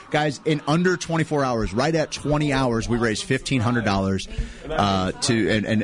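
Brief: male radio host, loose rambling studio banter, frequent laughs. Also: mid-range voice. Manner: rambling, stumbles and repeats words, laughs often. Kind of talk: casual morning radio chat.

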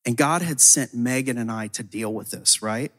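A man's voice: medium pitch, normal speed, a bit bright. A man giving a sermon testimony as a ministry leader. He tells the story casually, with frequent "like" fillers and repeated words.

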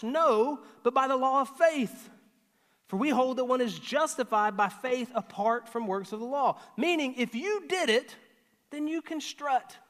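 A male pastor preaching a sermon, swinging between loud emphatic lines and hushed, earnest asides. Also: high voice. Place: church auditorium. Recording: long hall reverb.

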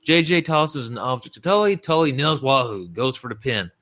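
A man's voice: medium pitch, expressive, moderate pace, bright, forceful tone. A man co-hosting a podcast, giving a blunt, profanity-laced play-by-play recap of old wrestling matches in casual chat. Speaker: podcast co-host.

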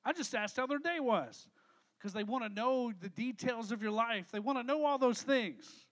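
A man with a strikingly high voice preaches a casual sermon. He keeps it light and playful, throwing questions out to his listeners and teasing them. His delivery is lively and conversational. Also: normal speed. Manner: energetic, joking, talks to the crowd with questions. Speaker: pastor. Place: church hall with a live audience.

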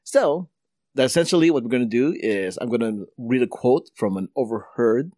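A man's voice: medium pitch, normal speed, no echo, studio quality. A man hosting a casual podcast, running a guessing game and laughing through stumbles. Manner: lively, stumbling, laughs often. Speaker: podcast host. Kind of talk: casual podcast chat, reading quotes for a game.

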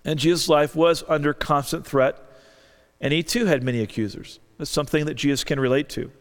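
A man's voice: on the high side, fairly even intonation, brisk. A man preaching a sermon, earnestly reading scripture aloud and lifting his voice for the quoted lines. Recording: long reverb of a large hall.

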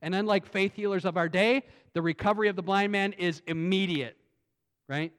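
A man preaching a sermon in a conversational way, swinging between loud emphatic lines and quiet asides, often restarting his sentences. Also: high-pitched, moderate pace. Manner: frequent restarts and repetitions. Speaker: pastor.

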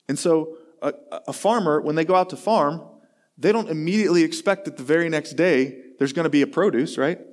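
A man, a pastor, giving a sermon in a conversational, self-deprecating way, telling a long story and acting out the voices in it. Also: a little high.

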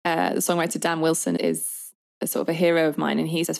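Animated, lower-pitched woman songwriter. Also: vocal fry. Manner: animated storyteller, acts out quotes with quick bursts. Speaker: songwriter guest. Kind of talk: conversational podcast interview.

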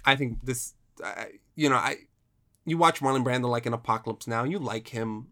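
A man's voice: mid-range voice, moderate pace, bright, forceful tone. Rambling casual man talking movies. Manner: rambling, swears casually, frequent restarts. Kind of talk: casual film discussion.

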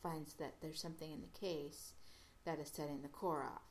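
A woman casually retelling an episode's plot as a podcast host, halting often with fillers and restarts. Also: low-pitched, steady tone, slight background noise.

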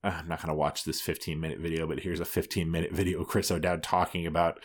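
A man's voice: sits low, flat delivery, quick pace. A man co-hosting a podcast, chatting casually, swearing often and restarting his sentences. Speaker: podcast co-host. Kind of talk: casual chat.

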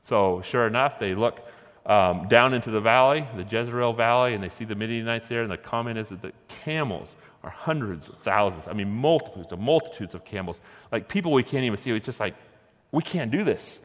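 Lively preacher in an echoey hall. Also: male voice, fairly low pitch, fairly quick. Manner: lively, conversational, chuckling asides. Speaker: pastor. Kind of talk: sermon storytelling.

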